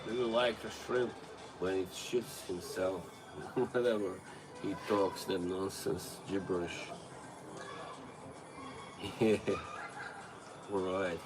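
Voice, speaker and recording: A man's voice: low voice, noisy background. A man with a Serbo-Croatian accent chatting casually on a livestream, rambling, swearing and laughing often, recorded on a tablet's built-in mic. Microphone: tablet device mic.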